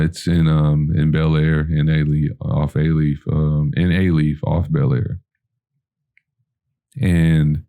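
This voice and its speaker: Very deep, gravelly-voiced man telling a story. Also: warm tone. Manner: rambling, full of "you know" and "like", acting out quoted dialogue. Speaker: podcast guest. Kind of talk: casual podcast storytelling.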